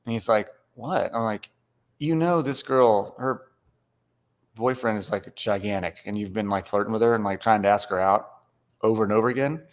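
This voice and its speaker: A man's voice: lowish voice, steady tone, fairly quick. A man co-hosting a casual live-stream chat, telling blunt anecdotes with quoted back-and-forth. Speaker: co-host.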